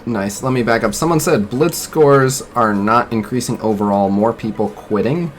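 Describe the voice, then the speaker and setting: A man's voice: mid-range voice, moderate pace, soft background music. A man streaming a mobile game, rambling casually to his chat and a voice-chat guest, swearing freely. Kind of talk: casual live-stream commentary.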